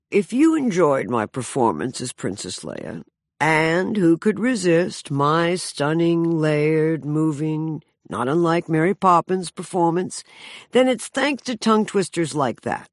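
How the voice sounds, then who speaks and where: Wry woman around sixty, lively delivery. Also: low voice, measured pace, no echo. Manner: dry, wry, self-mocking delivery. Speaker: author narrating her memoir. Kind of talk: humorous memoir narration.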